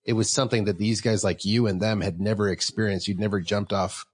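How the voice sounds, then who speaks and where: A man's voice: on the low side, fairly even intonation, a little fast, breathy edge. A man hosting a casual interview, chatty and joking, often chiming in over his guest. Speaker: interview host, fellow veteran. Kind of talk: casual chat.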